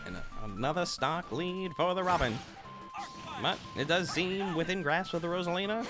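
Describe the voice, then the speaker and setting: A man's voice: high voice, moderate pace, over music. A man doing esports play-by-play commentary in a formal, old-timey announcer voice.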